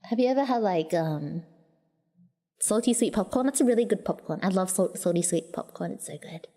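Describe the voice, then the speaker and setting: A woman's voice: mid-range voice, lively intonation, mellow. Chatty Australian woman, reverberant. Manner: chatty and rambling, with quick restarts and giggles. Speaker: livestreamer. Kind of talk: casual chat with viewers.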